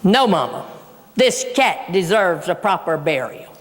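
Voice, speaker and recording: A woman voicing her panicked teenage son, a stubborn and soft-hearted boy who pleads and insists. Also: very high-pitched, animated, slow pace, long reverb tail, slight background noise, heavily acted.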